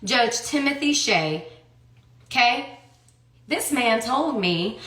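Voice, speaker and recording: A woman's voice: fairly high pitch, animated, slow pace, long pauses, fairly bright tone. A woman in her thirties telling her own story in a heated, profane monologue full of rhetorical questions. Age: 30s. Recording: roomy echo.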